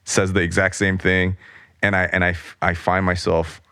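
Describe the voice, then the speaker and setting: A man with a very low, deep voice tells a personal story as a podcast guest, looping back on himself and breaking into quoted voices. The sound is dry and close, recorded on a studio podcast mic. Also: little pitch movement, moderate pace, sharp tone, smooth, dry recording. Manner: rambling, self-interrupting, acts out quoted voices. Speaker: guest, artist. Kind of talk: candid storytelling in a podcast interview.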